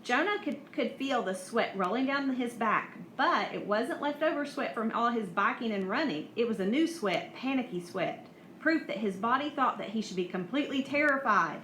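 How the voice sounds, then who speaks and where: A woman reading a novel aloud at an even pace, with small slips and restarts. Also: a little high, moderate pace. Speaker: audiobook reader. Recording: echoey room, faint hiss.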